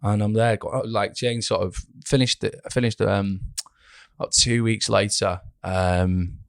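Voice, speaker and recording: A man's voice: lowish voice, fairly even intonation, a little slow, creaky, no room sound, clean studio sound. A young man, an actor chatting as a guest in a casual interview, rambling with many restarts and fillers.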